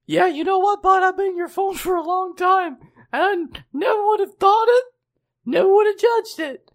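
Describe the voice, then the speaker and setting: A woman's voice: very high-pitched, normal speed. Woman playing a snarky talking cell phone. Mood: teasing. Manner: snarky, teasing. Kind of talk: improv comedy role-play.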